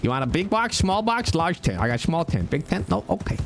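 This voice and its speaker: A man voicing a pushy male traveling merchant of the Old West, hawking his wares in brisk, impatient sales patter. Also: a little high, sing-song, gravelly, background noise, pitched above the performer's own voice. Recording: music playing behind.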